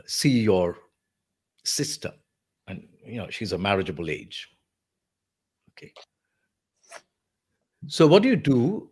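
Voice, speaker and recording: A man's voice: medium pitch, breathy edge. A man, a voice artist, explaining voice technique in an interview and acting out example lines like a teacher. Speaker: voice artist guest.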